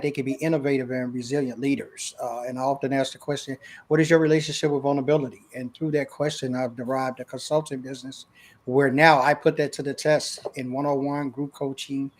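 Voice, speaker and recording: A man introducing himself as a consultant on a livestream panel, laughing easily and filling pauses with "uh". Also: mid-range voice. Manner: warm, laughing, with many filler "uh"s. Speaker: leadership consultant, panel guest. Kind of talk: casual self-introduction.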